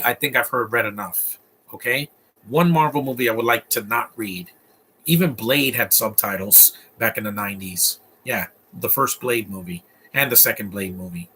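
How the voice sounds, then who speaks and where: A man's voice: on the low side, moderate pace, sharp tone, slight background noise. A man giving casual, opinionated live commentary while watching a movie, rambling through asides and restarts.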